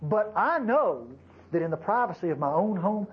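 Male pastor, high and animated, preaching in a chatty, folksy way; slightly dull recording. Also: normal speed, husky. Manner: folksy, conversational preaching with asides to the congregation. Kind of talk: sermon.

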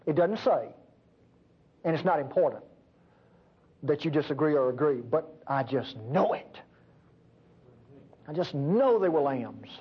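A man preaching a sermon fervently, swinging between loud emphasis and hushed low passages. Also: animated, unhurried, long pauses, breathy edge. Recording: dull lo-fi recording.

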